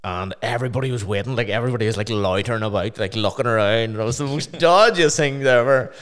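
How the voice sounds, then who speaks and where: A man's voice: medium pitch, quick pace, fairly bright tone. A man with a Northern Irish accent hosting a casual chat, telling sweary anecdotes with laughter.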